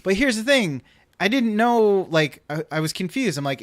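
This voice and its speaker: A man's voice: sits high, very animated, moderate pace, dry recording. A man hosting a podcast, telling a long rambling anecdote in casual chat and acting out what people said. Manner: rambling storyteller, acts out quotes. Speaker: podcast host.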